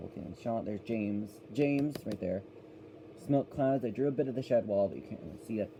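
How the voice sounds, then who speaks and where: A man's voice: medium pitch, lively intonation, normal speed, warm tone, a little hiss or hum, poor audio. A man giving a casual, rambling review of a children's cartoon, often correcting himself as he goes.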